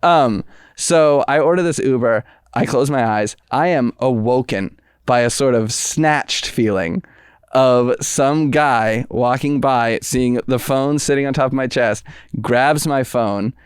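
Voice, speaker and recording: A young man, a podcast co-host, telling a story in a lively, casual way, acting out quoted voices and laughing often. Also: medium pitch, slow pace, clean tone, no echo, studio quality.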